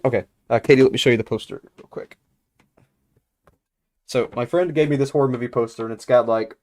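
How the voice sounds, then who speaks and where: A man's voice: lowish voice, darkish tone, no echo. A man streaming live, chatting with his viewers and reading aloud as he goes. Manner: chatty, reads aloud, talks to chat.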